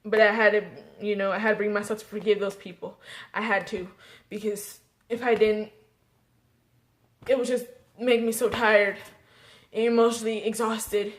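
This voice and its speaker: A young woman vlogging a personal story, emotional and halting, tearful and repeating herself. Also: mid-range voice, little pitch movement. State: tearful, crying at times.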